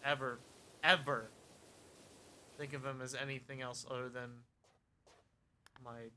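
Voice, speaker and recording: A man's voice: mid-range voice, level tone, a little slow, sharp tone, a little hiss or hum. A man streaming a cleaning game, casually narrating his progress in muttered asides and dry jokes. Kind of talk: casual gameplay commentary.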